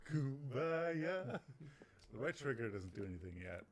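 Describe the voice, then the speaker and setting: A man's voice: low voice, lively intonation, quick pace, slightly rough. A man co-hosting a let's play, making sarcastic, playful quips during casual commentary.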